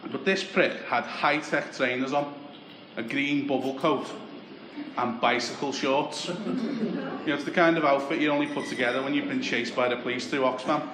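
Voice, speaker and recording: Sweary comic doing stand-up, mocking and brash, echoey club, noisy crowd. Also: male voice, medium pitch. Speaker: stand-up comedian. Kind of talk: stand-up comedy set. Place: comedy club with a live audience. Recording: roomy club with audience noise.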